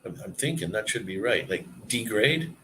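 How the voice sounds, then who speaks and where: A man hosting a live stream, telling a story and answering viewer comments in a relaxed, chatty way. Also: lowish voice, moderate pace, slight background noise. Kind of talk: casual live-stream chat.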